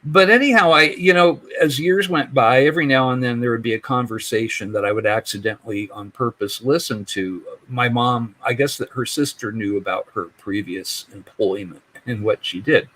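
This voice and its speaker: A man's voice: medium pitch, moderate pace, hardly any pauses, bright, forceful tone, low-quality recording. Guy in his 60s guesting on a podcast, just chatting through an old story, lots of uhs and little laughs, normal mid voice. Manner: rambling, chuckling, lots of restarts and fillers. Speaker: podcast guest, UFO investigator. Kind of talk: casual storytelling in conversation.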